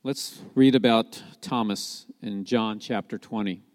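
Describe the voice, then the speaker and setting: A man's voice: lowish voice, a little slow. Man preaching in a reverberant hall. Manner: lively storytelling with rhetorical questions. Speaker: Messianic preacher. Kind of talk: sermon.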